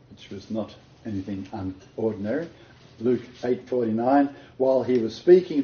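A man leading an interactive Bible study, quizzing his group and laughing often. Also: medium pitch. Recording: roomy dull lo-fi recording.

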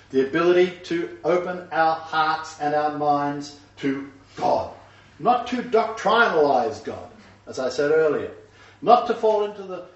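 A man preaching a sermon to a small congregation, speaking emphatically and raising his voice when he quotes scripture. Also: a little high. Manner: emphatic, builds to raised voice when quoting God. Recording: roomy echo, distant mic, dull sound.

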